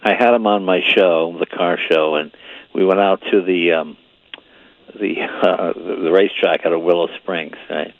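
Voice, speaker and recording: A man's voice: low voice, fairly even intonation, normal speed, gravelly, no room sound. Older man telling rambling stories over a dull line. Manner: rambling anecdotal, acts out quoted voices. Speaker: comedian guest. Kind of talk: phone-in interview, storytelling. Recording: muffled lo-fi radio line.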